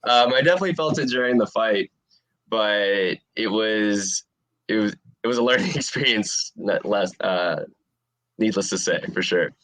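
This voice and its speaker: A man in his twenties answering interview questions in a relaxed, rambling way with lots of fillers. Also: on the low side, moderate pace, no echo. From USA. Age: 20s. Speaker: interviewed fighter.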